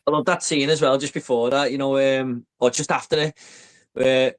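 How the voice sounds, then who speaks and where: A man's voice: medium pitch, fairly even intonation, normal speed. Male host, eager, rambling, conversational podcast delivery. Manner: enthusiastic, rambling with fillers. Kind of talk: casual chat.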